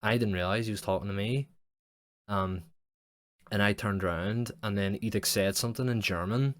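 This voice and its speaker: Low-voiced sweary guy. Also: moderate pace, dry recording. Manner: rambling, sweary, heavy use of "like". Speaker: podcast host. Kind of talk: casual storytelling monologue.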